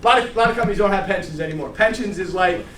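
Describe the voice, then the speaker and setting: A middle-aged man giving an energetic, salty sales training talk to a room, full of stories. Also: high-pitched, very fast, distant mic. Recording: echoey room recorded from afar with faint hiss.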